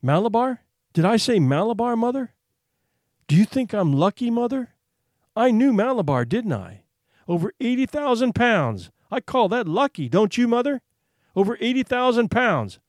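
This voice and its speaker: A man voicing a feverish young boy who cries out in breathless excitement. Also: very high-pitched, normal speed, no room sound, studio quality, pitched above the performer's own voice.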